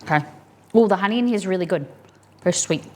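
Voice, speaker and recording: A woman's voice: mid-range voice, expressive, fast, warm tone. Chatty Australian woman cooking live on stream. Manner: chatty, rambling, talks to chat while cooking. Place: home kitchen set up as a studio.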